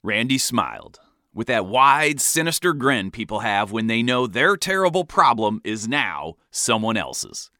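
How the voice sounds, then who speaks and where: A man telling a comic first-person story in a wry, animated way. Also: mid-range voice, a little slow, no room sound, studio quality.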